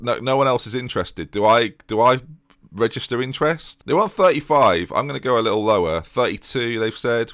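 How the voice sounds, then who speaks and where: A man's voice: on the low side, fairly bright tone, no room sound, clean studio sound. A man giving a let's-play commentary as a gaming YouTuber, exasperated and self-mocking as he talks over his game.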